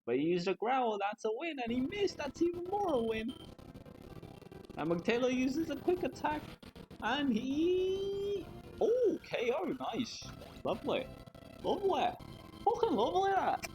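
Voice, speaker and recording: A man's voice: extremely high pitch, very animated, a little slow, soft background music, pitched above the performer's own voice, full character voice. A man putting on a rowdy mock-Scouse voice. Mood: gleeful. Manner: loud, gleeful, swearing. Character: excitable man with a bad Scouse accent.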